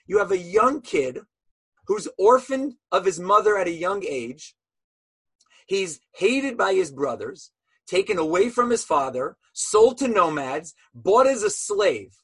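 High, husky-voiced man preaching. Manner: animated storytelling, rhetorical questions. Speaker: Torah teacher. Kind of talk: sermon.

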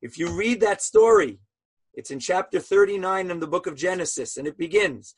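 A man's voice: high-pitched, moderate pace, husky. A man teaching a Torah lesson as a sermon, telling stories animatedly and asking rhetorical questions.

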